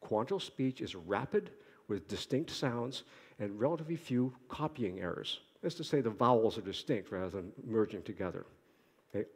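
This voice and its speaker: A middle-aged man from Boston giving an academic conference lecture, quick-talking with restarts and wry asides to himself. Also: on the low side, animated, slightly rough. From Boston, United States. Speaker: conference speaker, archaeologist. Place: lecture hall. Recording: long hall reverb.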